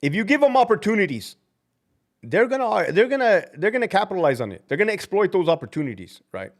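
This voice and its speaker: A man's voice: big pitch swings, fast talker. A man hosting a live stream as a prison guard, talking in a blunt, fired-up, profane way and acting out quoted people. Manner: acts out quoted people with big pitch jumps. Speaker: livestream host and prison guard.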